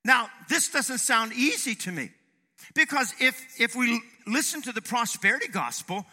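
Brief: middle-aged male pastor, lively and emphatic, bright cutting tone. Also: high-pitched, measured pace. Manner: emphatic, swings from loud to hushed. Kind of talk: sermon. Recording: long hall reverb.

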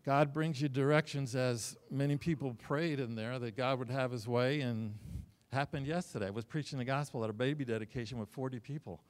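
A middle-aged male pastor delivering a sermon, telling stories with sudden loud bursts and joking asides. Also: medium pitch, fairly even intonation, a little fast. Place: church sanctuary. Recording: long hall reverb.

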